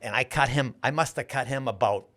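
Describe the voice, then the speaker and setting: A man's voice: medium pitch, brisk, sharp tone. A man, a podcast guest telling boastful stories with emphatic restarts. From Massachusetts. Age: 60s. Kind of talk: casual storytelling chat.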